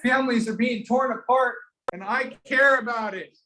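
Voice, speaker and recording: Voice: medium pitch, moderate pace, pushed and bright, slight background noise. A teacher coaching an entrepreneurship class, pushing students hard and calling on them by name. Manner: pushy, fired-up, calls on students directly. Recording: echoey classroom.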